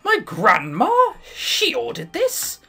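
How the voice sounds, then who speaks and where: A polite, puzzled young pizzeria owner who keeps asking questions, as a man reads the part. The voice moves lively up and down over faint game music. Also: very high voice, takes it slowly, creaky, slightly rough, voice pushed up, exaggerated voice.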